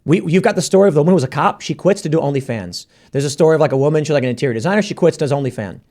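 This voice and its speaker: A man hosting a podcast panel, arguing his points in a casual debate with quick bursts. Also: a little high, lively intonation, a little mellow. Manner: argumentative, rapid bursts. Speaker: podcast host.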